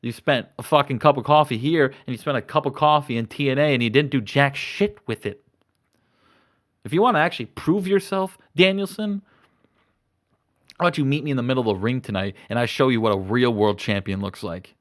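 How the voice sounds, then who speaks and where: A man's voice: mid-range voice, fairly quick, a bit bright, close to an everyday voice. A man voicing a domineering male wrestling champion who talks bluntly and profanely. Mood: menacing.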